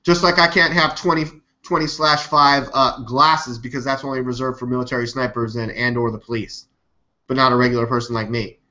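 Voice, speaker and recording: Hosting a live news show on his own stream, a man rambles through skeptical commentary and swears freely. His mid-range voice is steady with a bright, sharp edge, captured in dull, lo-fi audio resembling a cheap webcam mic.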